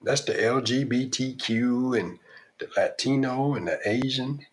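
Speaking at medium pitch and an unhurried pace, a male podcast host delivers an opinionated monologue. He's emphatic and preachy, asking lots of rhetorical questions.

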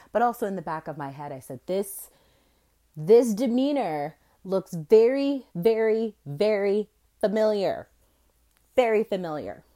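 A young adult woman hosting a podcast, telling a story in a casual, animated and profane way that swings between loud and soft. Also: low-pitched. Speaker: podcast host.

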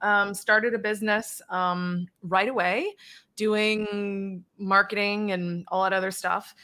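A woman in her forties from Massachusetts, a guest on an interview show, telling stories in a playful, animated way with frequent laughter. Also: medium pitch, takes it slowly. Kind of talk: casual interview chat.

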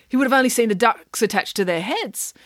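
A playful mum spins an absurd tale in a mock-serious, matter-of-fact tone, voiced by a woman reading a storybook. Her pitch rises and falls a lot, in a dry recording. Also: animated, brisk, no room sound, close to an everyday voice. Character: playful imaginative mother spinning a tall tale.

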